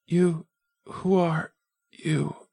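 A man's voice: fairly high pitch, little pitch movement, very slow, vocal fry, dark tone, husky, dry recording, voice pushed up, heavily acted. A man voicing a frightened young village girl who is dying, speaking in weak, faltering gasps. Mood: gasping, pleading. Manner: gasping, faltering breaths. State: weak and fading. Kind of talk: audiobook character voice.

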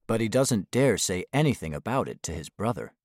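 Low voiced guy reading a kids storybook, swoopy expressive, dry close sound. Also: a little fast, no room sound. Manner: expressive read-aloud, drops low on speech tags. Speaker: narrator. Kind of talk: storybook read-aloud.

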